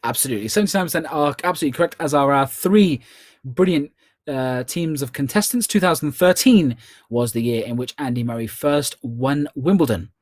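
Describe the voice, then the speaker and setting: A man with a Scottish accent hosting an online quiz in a chatty way, repeating each question slowly. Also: mid-range voice, a little mellow, no echo. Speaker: quiz host.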